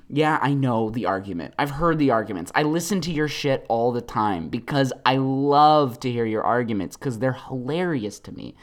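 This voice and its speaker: This solo podcast rant moves at a normal speed with hardly any pauses. The host rambles with lots of fillers and laughs, alternating between low mumbles and loud, animated bursts.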